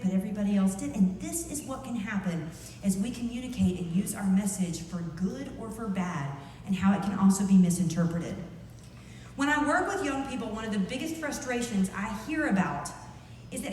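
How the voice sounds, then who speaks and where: A woman's voice: mid-range voice, lively intonation, a little fast, a little mellow. A woman giving a motivational talk to young people, demonstrating her points and quizzing the audience with questions. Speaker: youth leadership speaker. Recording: echoey hall from far off, faint noise.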